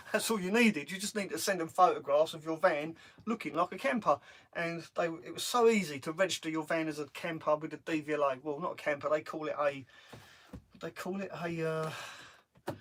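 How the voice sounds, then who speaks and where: Middle-aged guy, chatty and rambling, a touch high, chatting live from a parked van. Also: normal speed, fairly bright tone. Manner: chatty, rambling, laughs often. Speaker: van-life vlogger. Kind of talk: casual live stream chat. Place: parked camper van on a driveway.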